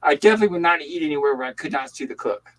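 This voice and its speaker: A man's voice: fairly high pitch, racing, rough recording. Older man telling stories casually. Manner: animated storytelling. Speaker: livestream host. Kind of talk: casual chat.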